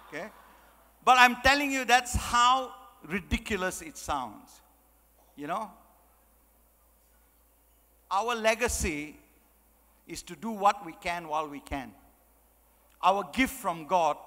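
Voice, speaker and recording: Man giving a fired up speech, bright sharp voice, lots of rhetorical questions, big hall reverb. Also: high voice. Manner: emphatic, rhetorical questions, repetition. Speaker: guest speaker. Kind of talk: motivational speech.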